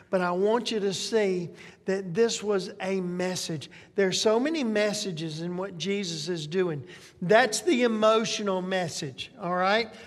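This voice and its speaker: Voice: medium pitch, in a large hall. A pastor preaching a sermon in a conversational way, who often checks in with listeners through tag questions.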